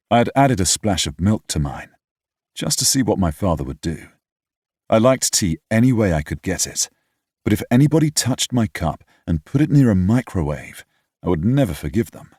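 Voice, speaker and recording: A man's voice: fairly low pitch, darkish tone, husky, dry recording, clean studio sound. A young British man narrating a first-person romance audiobook in a reflective, wry, slightly pompous way. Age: young adult.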